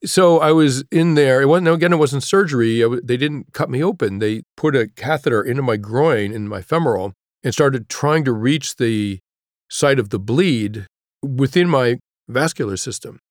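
A guest author in middle age reflects on a personal story during an interview, his speech halting and dropping to a near whisper at grave moments. The mid-range voice comes through in clean studio sound with no room sound.

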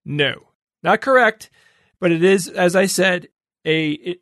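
A man's voice: sits high, takes it slowly, fairly bright tone, no room sound, studio quality. A man hosting a podcast segment in casual panel chat, playful and laughing often.

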